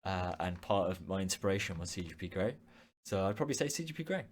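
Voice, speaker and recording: Young man, from the UK, casual live-stream host, lowish voice, rambling with ums and restarts. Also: animated, fast talker. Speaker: host answering live questions.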